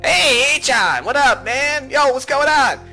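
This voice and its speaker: Brief: loud, pushy schoolgirl in a game playthrough, very high and sharp, played by a man. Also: lively intonation, unhurried, faint music behind, exaggerated voice. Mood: loud greeting. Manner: brash, shouty, slangy. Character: loud pink-haired schoolgirl, hyper and pushy.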